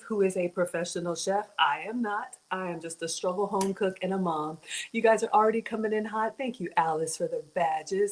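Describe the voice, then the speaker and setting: A woman's voice: medium pitch, rough recording. A middle-aged woman hosting a casual cooking livestream, chatty and greeting viewers by name. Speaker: cooking show host.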